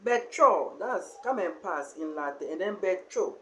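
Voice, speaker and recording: A language teacher giving a spoken lesson on pronunciation, explaining slowly and pausing often with fillers. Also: medium pitch, lively intonation, a little hiss or hum, low-quality recording.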